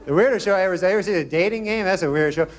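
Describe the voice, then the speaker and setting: A man doing a stand-up routine on a comedy club stage, with a drawling deadpan delivery and many "you know?" asides. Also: high-pitched, rapid-fire. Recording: live club recording with loud crowd and noise.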